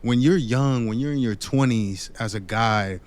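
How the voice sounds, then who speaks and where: A man delivering a measured, lecturing monologue about dating, with occasional fillers. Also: medium pitch.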